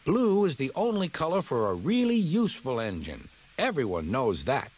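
A man's voice: lowish voice, very animated, measured pace, slight background noise. A man voicing a cheeky, boastful young male tank engine in a storybook. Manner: boastful, teasing. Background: music.

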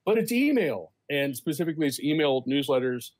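A man on a casual podcast panel, a journalist, speaking haltingly with frequent repeated words and restarts. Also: a little high, sing-song, low-quality recording.

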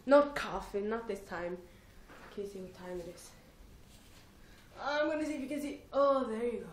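Teen girl vlogging w a cold, kinda high voice, giggly and hyper, rambly, built-in cam mic. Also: normal speed, a little hiss or hum. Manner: hyper, giggly, self-mocking. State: has a cold. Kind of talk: casual rambling vlog. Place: cold apartment, indoors.

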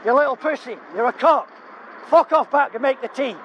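Very high-voiced man taunting. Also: a little fast, background noise. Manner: taunting, swearing, provocative. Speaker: filmer in a street confrontation. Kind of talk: heated street argument. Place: outdoors by a car park.

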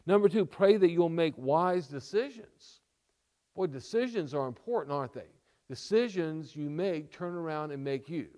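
A man's voice: on the high side, animated, normal speed, warm tone. A male pastor preaching a sermon, repeating key lines for emphasis and checking in with the congregation with "okay?" and "all right?".

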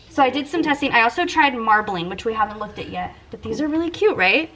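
A young woman talks casually to camera, gushing and now and then dropping to a whisper. Her voice sits a little high. Clear background noise runs under the home recording. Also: lively intonation, fast, few pauses, fairly bright tone. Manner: chatty, gushing, often drops into a whisper. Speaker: vlogger running a small wax melt business.

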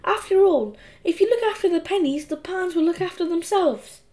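A woman's voice: extremely high pitch, moderate pace, a little mellow, voice pushed up. A woman voicing a smug, prissy little boy who likes to please his mother in an audiobook. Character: prim goody-goody little boy. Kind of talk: audiobook character voice.

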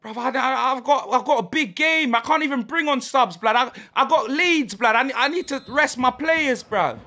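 A man reacting live to a football video game, ranting, swearing and yelling at his players. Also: very high voice, animated, normal speed. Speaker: gaming YouTuber.

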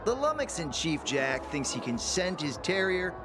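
An actor playing a smug, contemptuous boss who speaks in a sneering, mocking way. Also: male voice, a little high, sing-song, moderate pace, music in the background. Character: smug, contemptuous man who runs a trade group.

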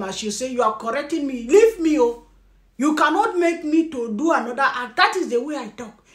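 A Nigerian woman with a high voice and Birom as her first language rants bluntly straight to camera. She scolds, laughs and talks with animation. Her voice rings in an echoey room. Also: lively intonation, normal speed. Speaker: commentary vlogger. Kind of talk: ranting commentary.

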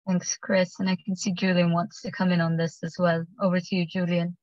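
A woman hosting and moderating an online academic panel, measured and using many filler ums, speaking on a video call. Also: lowish voice, level tone, a little mellow, dry recording. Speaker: host and moderator. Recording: dry, dull video-call audio.

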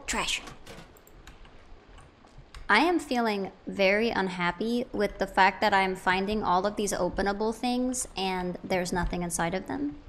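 A woman's voice: medium pitch, fairly bright tone. Young woman gaming at home, chatty and goofy, talks to stuff on screen, little bit of hiss. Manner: chatty, playful, talks to objects in the game. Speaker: let's play gamer. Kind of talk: casual gameplay commentary.

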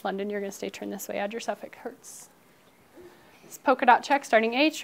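A brisk woman teacher leads young pupils through a phonics drill, her voice sitting a little high. She calls out words, praises the class, and sometimes slips into a quiet whisper for one child. A faint noise hangs behind her in the classroom. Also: creaky. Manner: brisk, encouraging, drops to hushed whispers with single pupils.

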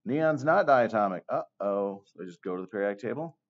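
Low-voiced man giving a casual lecture. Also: animated, fairly quick. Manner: casual, jokey asides, keeps checking with "okay?". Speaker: chemistry teacher. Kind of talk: recorded classroom lecture. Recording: dull lo-fi recording.

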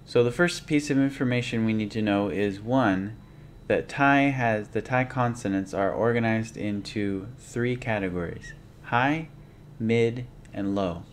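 A man's voice: lowish voice, measured pace, a little hiss or hum. A man teaching a language lesson, explaining rules patiently and methodically and stepping through examples one by one.

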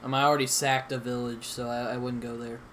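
A man's voice: medium pitch, flat delivery, fast talker, a bit bright, a little hiss or hum. A young man hosting a gaming session, chatting casually with friends in a rambling, hesitant way full of fillers and restarts. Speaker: gaming channel host.

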